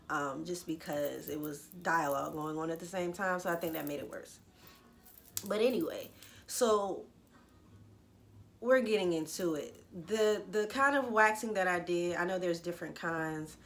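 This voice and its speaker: A woman's voice: lowish voice, normal speed, gravelly, a little hiss or hum. A young adult woman telling a candid, slangy story as a vlogger. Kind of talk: casual storytelling vlog.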